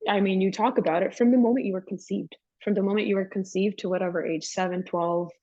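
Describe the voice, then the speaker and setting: A woman guest tells her own story candidly, in an emphatic, chatty way, and calls the listener "girl." Her voice is medium-pitched and dark, with fairly even intonation and fast delivery. The recording is dry, dull and lo-fi, with no room sound.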